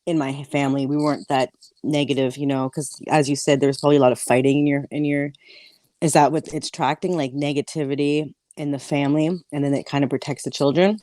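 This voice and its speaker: A woman's voice: sits low, fairly even intonation, fast, warm tone, dry recording. A woman hosting a casual live-stream chat over a video call, giggly and curious, asking rambling questions. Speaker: host.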